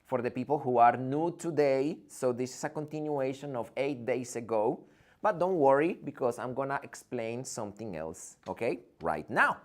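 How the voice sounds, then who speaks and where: A man's voice: mid-range voice, animated, normal speed. A man teaching an online English class, playful and theatrical, joking and acting out his students' questions. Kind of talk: live online English lesson. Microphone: video call.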